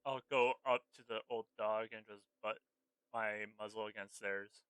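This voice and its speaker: A man playing a tabletop game in a playful, excitable way. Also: lowish voice, moderate pace, clean tone, no echo, poor audio. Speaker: player.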